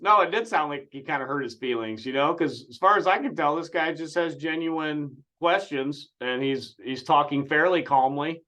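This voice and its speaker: Brief: male commentator, sarcastic and rambling, voice sitting a bit high. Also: normal speed, hardly any pauses, bright, forceful tone. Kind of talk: reaction commentary.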